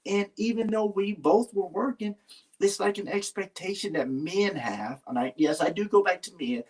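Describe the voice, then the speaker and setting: A man's voice: high-pitched, moderate pace, darkish tone, breathy edge. A man talking earnestly in a casual heartfelt conversation, rambling and restarting his sentences. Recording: voice a little far from the mic.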